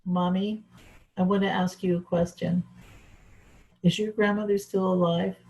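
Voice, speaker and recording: A woman voicing her young son, a quiet boy who is suddenly angry, with small, earnest child's questions. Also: lowish voice, flat delivery, unhurried, natural voice, rough recording. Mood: childlike.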